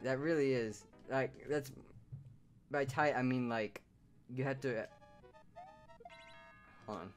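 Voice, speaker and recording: A man giving casual commentary over his own gameplay, with hiccups, swinging between loud surprised outbursts and low muttering. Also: takes it slowly, pauses often, soft background music. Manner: excitable, shouts in surprise then mutters low. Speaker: gaming YouTuber.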